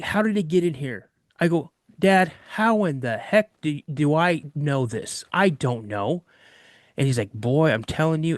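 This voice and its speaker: A man from Washington State with a fairly high voice tells a childhood story casually, in the first person. He acts out the back-and-forth dialogue in quick, animated bursts. The recording is dry and close, with no room sound. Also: dry recording. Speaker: eyewitness recounting a personal encounter.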